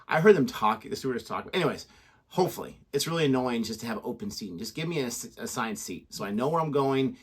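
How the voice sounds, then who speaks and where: A man chatting casually as a reaction co-host, relaxed and rambling, often trailing off. His voice sits in a middle pitch range, close on a desk microphone. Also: fast talker, slightly rough. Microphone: desk USB microphone.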